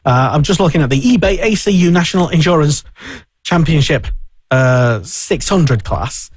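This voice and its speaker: A man's voice: a little high, lively intonation, moderate pace, husky, no echo. A man hosting a casual motorsport radio chat, talking in a rambling way with many fillers and restarts. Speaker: radio show host.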